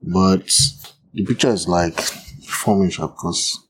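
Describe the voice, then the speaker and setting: A man in a casual chat with his wife. He is laid-back and halting, often laughing and trailing off. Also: deep voice, a little hiss or hum, low-quality recording. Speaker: podcast co-host, married to the other speaker.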